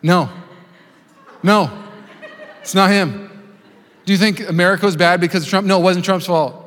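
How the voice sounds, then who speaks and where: A man in his thirties preaching a sermon to a congregation, telling stories with acted-out voices and building to loud preaching. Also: high voice, moderate pace. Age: 30s. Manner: storytelling, acts out voices, rising to loud preaching. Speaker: pastor. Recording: long hall reverb.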